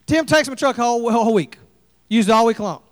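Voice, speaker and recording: A pastor preaching a sermon, folksy and animated, acting out little scenes. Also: male voice, extremely high pitch, a little fast, in a large hall. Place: church sanctuary.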